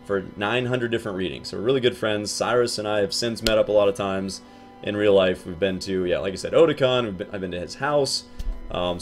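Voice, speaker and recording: A young man telling a story casually to his viewers, acting out what his friends said in hushed and loud voices. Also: on the low side.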